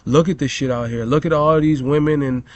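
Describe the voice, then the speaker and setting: A man's voice: on the high side, steady tone, brisk, dry recording. A young man telling a profane, rambling story as a vlogger rant, full of "bro" and "you know".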